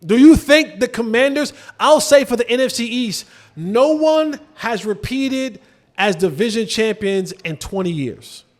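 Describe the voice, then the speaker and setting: Animated high-voiced man talking football. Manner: animated, drops to low emphatic asides, rhetorical questions to viewers. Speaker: sports podcast host. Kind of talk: casual football commentary to camera.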